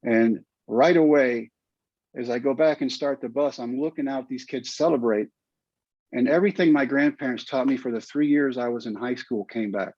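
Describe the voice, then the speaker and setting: A man's voice: medium pitch, normal speed, a little mellow, no room sound. A man, earnest and heartfelt as he recounts his story. The audio is dry and slightly muffled, like a modest podcast setup. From United States. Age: 50s. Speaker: guest, former pitcher and teacher. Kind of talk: storytelling interview.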